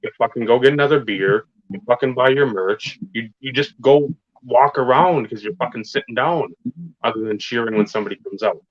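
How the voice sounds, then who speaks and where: A podcast co-host talks about wrestling in a medium-pitched, fairly quick voice, rambling casually, swearing often and stressing his points as an emphatic fan. The sound is dull and lo-fi with no echo.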